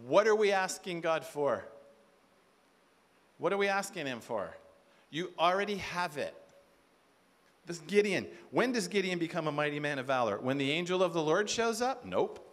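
A man preaching from a conference stage, animated and full of rhetorical questions. He slips into quoted voices as he goes, and his voice sits high for a man. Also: normal speed, long pauses. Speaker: conference speaker. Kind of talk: sermon.

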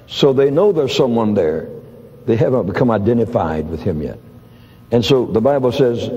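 A man's voice: lively intonation, normal speed, mellow. An older man preaching a sermon, acting out conversations as he tells stories. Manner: storytelling, acts out dialogues with shifts in pitch. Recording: dull lo-fi audio in a reverberant hall.

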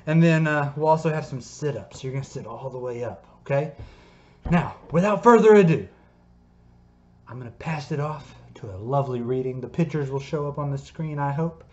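A man's voice: mid-range voice, fairly quick, few pauses, darkish tone. Upbeat man coaching a home workout. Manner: upbeat and encouraging, tags most sentences with "okay?" or "all right?". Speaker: PE teacher. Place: basement of his home. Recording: echoey basement, slightly dull sound.

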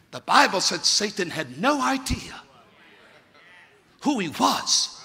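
A man's voice: high voice, big pitch swings, a little slow, vocal fry, long pauses, bright, forceful tone, a faint crowd, slight background noise. A man preaching a sermon as a pastor, fervent and conversational, firing rhetorical questions at his congregation. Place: church sanctuary. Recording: long church reverb.

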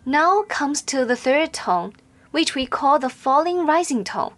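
A woman teaching Mandarin pronunciation in scripted narration, speaking slowly and carefully with clearly enunciated, drawn-out example syllables. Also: sits high, lively intonation, fairly bright tone, faint music behind.

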